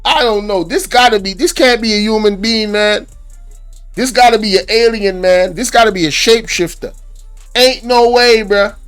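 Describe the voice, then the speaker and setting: A man's voice: high voice, moderate pace, fairly bright tone, smooth, faint music behind. A man with a Jamaican accent hosting a reaction channel, talking to viewers in an indignant, preachy way. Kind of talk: casual reaction commentary.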